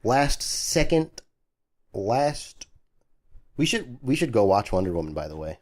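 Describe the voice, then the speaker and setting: A man's voice: lowish voice, sing-song, a little slow, a little mellow. A young man co-hosting a podcast in casual, joking chat. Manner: joking, laid-back, trails off and restarts. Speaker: podcast co-host.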